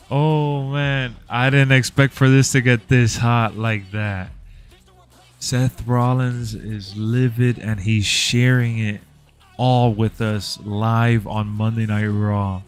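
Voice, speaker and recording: An excitable man reacts live on his stream, tossing out slang and hype between moments of the show. He talks at an unhurried pace, with faint music under his voice. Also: medium pitch, smooth. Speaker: livestream reaction host. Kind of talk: casual live reaction commentary.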